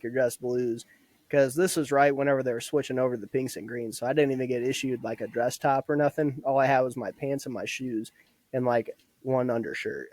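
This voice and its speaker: A young man in his twenties, a podcast guest, chatting in an easygoing, profane storytelling style with frequent laughs. His voice sits at an ordinary middle pitch. The recording is dry and close, with no room echo. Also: a little mellow. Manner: laid-back, swears a lot, laughs often. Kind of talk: casual storytelling. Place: podcast studio.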